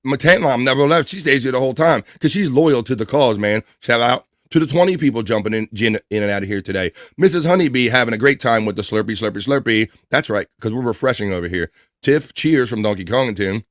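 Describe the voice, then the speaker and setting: A man's voice: mid-range voice, expressive, fast talker, no echo, clean studio sound. Profane, hyped-up male stream host. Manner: loose, profane, hyped banter. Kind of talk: casual chat reading out live chat.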